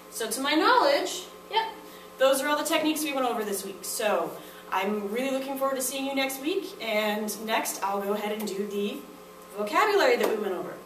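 A woman's voice: fairly high pitch, quick pace, recorded from a distance, slight background noise. A young adult woman teacher reviewing classroom techniques in a playful, demonstrative way. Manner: playful, demonstrative, acts out student reactions. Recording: echoey room, voice from off-mic.

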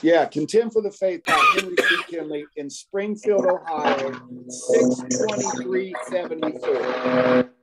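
A man teaching a Bible study in a casual, halting way, often asking if listeners follow. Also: a little high, heavy background noise.

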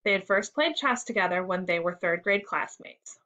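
A woman teacher reading a third-grade lesson and story aloud in a clear, measured way. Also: medium pitch, animated, bright, forceful tone, lo-fi sound.

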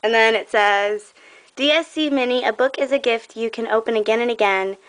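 A woman's voice: a little high, normal speed. A young woman showing off a craft trade in a casual vlog, gushing and admiring, a bit out of breath.

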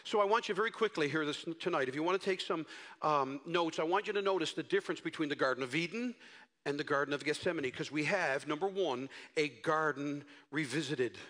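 Expressive, high-voiced preacher man. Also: fairly quick. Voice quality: dramatic, expressive. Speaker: pastor. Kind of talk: sermon. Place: church sanctuary. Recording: echoey church hall.

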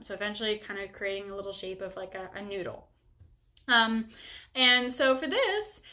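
Young female teacher, bright slightly high voice, cheerful step-by-step instruction. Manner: upbeat, encouraging, explains step by step. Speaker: bassoon teacher. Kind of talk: instructional music lesson.

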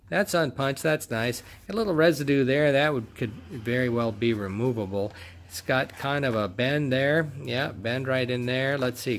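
A man's voice: mid-range voice, vocal fry, a bit bright, a little hiss or hum. A man hosting his own collecting video, giving casual, enthusiastic commentary while unboxing and inspecting toy cars. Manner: enthusiastic, exclaims over each find.

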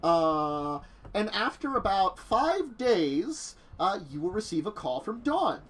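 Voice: medium pitch, big pitch swings, takes it slowly, poor audio. A game master casually narrating a tabletop role-playing game, rambling with many fillers. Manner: casual, rambling, laughing often.

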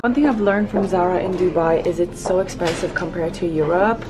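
A young woman from Sweden talks straight to her handheld camera in a casual vlog. She sounds bubbly and excitable, with plenty of fillers. Her voice sits a little low for a woman. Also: brisk, background noise. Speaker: vlogger.

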